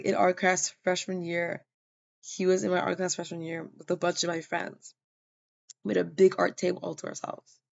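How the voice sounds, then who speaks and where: This woman's creaky, medium-pitched voice carries a personal story told casually by a vlogger who yawns and sounds worn out. She rambles, restarts often, and leans on fillers, all on a dull lo-fi recording.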